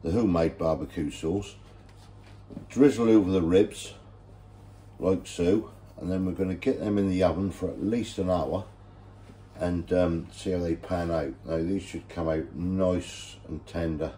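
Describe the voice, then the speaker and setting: A man presenting a casual home cooking video, relaxed and enthusiastic about the food. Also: deep voice, a little slow, pauses often.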